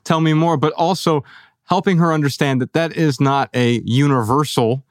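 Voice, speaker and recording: A man co-hosts a podcast conversation and reflects in a thoughtful, measured way. His voice sits on the higher side for a man, and the close studio recording is dry. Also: no room sound. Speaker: podcast co-host.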